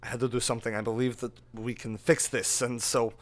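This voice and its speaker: A man voicing a worried king facing a crisis, speaking in urgent, halting bursts. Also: mid-range voice, level tone, natural voice.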